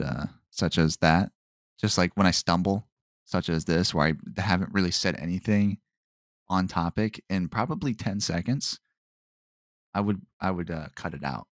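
A man's voice: sits low, dry recording. A man hosting a solo podcast, rambling and stopping himself mid-thought, in a dry tone that sounds sarcastic. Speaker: podcast host.

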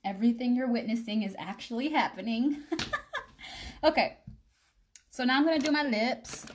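A woman's voice: a little high, fairly quick, a little hiss or hum. A young woman chatting casually on a live makeup stream, rambling and addressing her viewers directly. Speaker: makeup vlogger.

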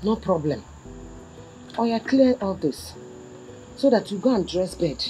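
An actress with a Nigerian accent playing a worried middle-aged mother who talks with loud emphatic exclamations. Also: medium pitch, expressive, unhurried, soft background music, close to an everyday voice, poor audio. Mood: resigned. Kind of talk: Nollywood drama acting.

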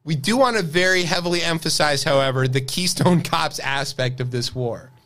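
Here a man from the United States, co-hosting a podcast, riffs on the news with casual sarcasm and wry humor. His pitch is a little high, his tone fairly bright, and he keeps a moderate pace.

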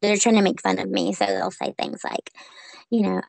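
A woman from Tennessee with a Southern accent, animated and laughing as she tells stories in an interview over a video call. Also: medium pitch, moderate pace, vocal fry, no room sound, poor audio. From Memphis, Tennessee. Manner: animated, laughing, quotes others in voices. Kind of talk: casual interview. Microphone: Skype call.

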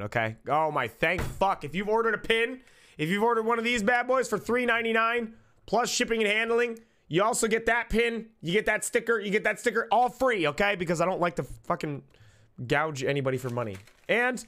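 A young man streaming live, chatting casually and loudly with lots of swearing, jumping between shouts and mutters. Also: high voice. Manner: loud, profane, jokey, swings between shouts and mutters. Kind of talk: casual livestream chat.

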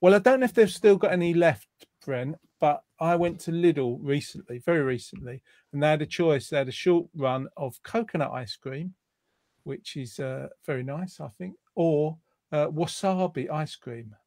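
A man's voice: fairly high pitch, normal speed, a little mellow, no echo, studio quality. A man hosting a casual online chat show, rambling and joking through his asides. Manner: chatty and jokey, rambling asides. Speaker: host.

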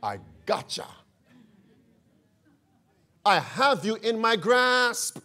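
A man's voice: sits high, fairly bright tone, exaggerated voice. A man voicing an imagined smug, scheming older male church leader who gloats and gives orders. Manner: gloating, commanding.

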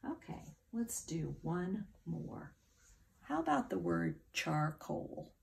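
Middle-aged woman teacher, low gravelly voice, slow and patient phonics delivery for kids. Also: very animated, a little mellow. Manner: patient, encouraging, spells words out letter by letter. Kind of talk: phonics lesson for children.

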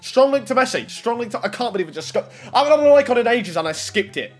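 A young man giving excitable pack-opening commentary on a video game, bursting into shouts over big pulls. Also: very high voice, fast talker, husky, faint music behind. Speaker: gaming YouTuber.

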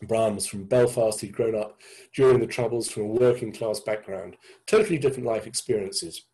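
An English man in his sixties telling his story thoughtfully over a video call, halting with many restarts. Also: on the low side, warm tone, rough recording. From England. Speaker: guest speaker. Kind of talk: reflective storytelling talk. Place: indoor room with a door behind.

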